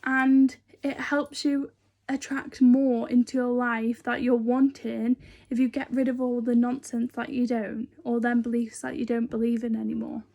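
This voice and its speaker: High-voiced chatty woman vlogger. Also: little pitch movement, moderate pace, creaky, warm tone. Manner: chatty and rambling, many fillers. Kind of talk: casual talk to camera.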